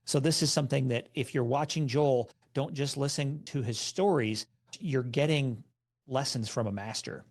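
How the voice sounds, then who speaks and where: A man's voice: medium pitch, moderate pace. A man hosting a podcast interview and speaking directly to the listeners. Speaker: podcast host.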